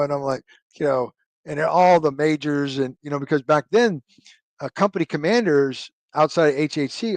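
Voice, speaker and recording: A man in his fifties tells a long service anecdote as an interview guest, drifting through fillers and restarted sentences in a voice that sits a little high for a man. The sound is close and dry, with almost no room around it. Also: no echo. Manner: rambling, many fillers and restarts, loose military jargon. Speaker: guest, retired army officer.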